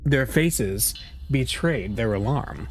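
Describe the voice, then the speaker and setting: A man reading a story game's text aloud in an even narrating voice. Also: medium pitch, takes it slowly, a little hiss or hum. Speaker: let's-play narrator.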